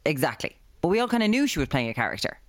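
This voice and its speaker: A woman co-hosting a podcast in casual chat, reacting with animated disbelief. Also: low-pitched, very fast. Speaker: podcast co-host.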